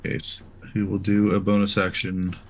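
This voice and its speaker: A man's voice: deep voice, completely flat delivery, brisk. A man playing a tabletop game in casual chat, thinking aloud over the rules. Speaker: player.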